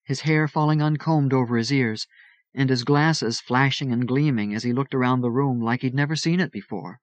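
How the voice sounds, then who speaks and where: A man narrating an audiobook in a steady first-person storytelling voice. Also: medium pitch, moderate pace, no echo. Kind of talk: audiobook reading.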